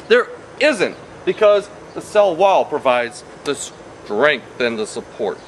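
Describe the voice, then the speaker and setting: A man's voice: high voice, lively intonation, unhurried, a little hiss or hum. A man teaching a science lesson in a chatty, playful way, repeating key points and drifting into tangents. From Wisconsin.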